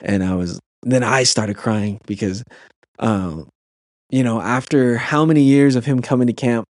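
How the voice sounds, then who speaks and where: A man's voice: mid-range voice, measured pace, darkish tone, dry recording, studio quality. A man on a podcast as a guest and youth camp leader, telling a personal story in an earnest way, with many restarts and fillers.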